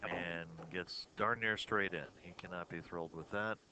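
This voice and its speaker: A man giving measured, analytical play-by-play commentary on a pool match. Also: low-pitched, steady tone, heavy background noise. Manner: measured, analytical, chuckles often.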